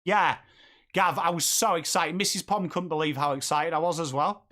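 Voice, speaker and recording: An English host runs a live football watchalong, chatty as he reads and replies to viewer comments and reacts to the match, calling the play as it goes. His pitch is on the high side with fairly even intonation, and he talks at a moderate pace in a pushed, bright tone.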